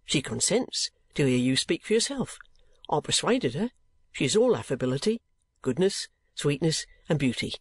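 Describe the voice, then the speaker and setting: A man voicing an excitable, flustered middle-aged male clerk in a storybook reading, breathless and stammering. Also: on the high side, normal speed, slightly rough, full character voice. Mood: excited, fluttering.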